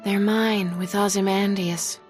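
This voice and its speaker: A woman voicing a tired, tender teenage girl with wings who has just become a mother, speaking softly and intimately. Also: mid-range voice, steady tone, a little slow, faint music behind, lightly acted.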